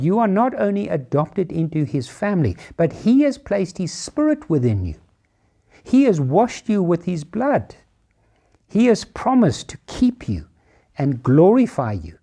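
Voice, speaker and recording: A man's voice: a little high, warm tone. A middle-aged man preaching a sermon in an emphatic style, repeating phrases for stress. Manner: emphatic, repetitive rhetorical phrasing.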